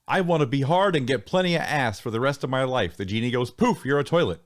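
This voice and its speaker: A man's voice: medium pitch, expressive, quick pace, few pauses. A man hosting a podcast, introducing his co-hosts with crude jokes in a brash, joking way. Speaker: podcast host. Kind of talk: casual podcast banter.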